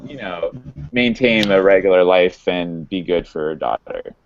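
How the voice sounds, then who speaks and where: A man hosting a podcast, casually recapping a TV episode in a halting way with many fillers and restarts. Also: sits low, background noise. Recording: dull lo-fi sound.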